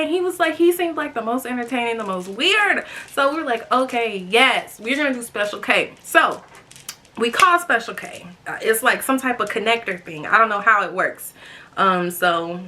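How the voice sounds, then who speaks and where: A young woman hosting a storytime vlog, chatty and animated, talking straight to her viewers and acting out other people's voices. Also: a little high, normal speed, a little hiss or hum. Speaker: vlogger host.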